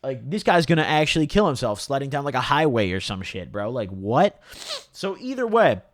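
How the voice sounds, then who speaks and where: Animated young man, slangy storyteller. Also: medium pitch, normal speed, no echo, studio quality. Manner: slangy, animated, lots of "dude" and "bro". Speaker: vlogger telling a story. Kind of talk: casual storytelling to camera.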